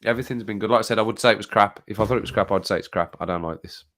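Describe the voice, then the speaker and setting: Chatty British man, low voice. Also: rapid-fire, fairly bright tone. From Britain. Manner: chatty, rambling, laughs often, repeats himself. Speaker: YouTube channel host. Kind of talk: casual live-stream chat. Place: home, sitting at desk.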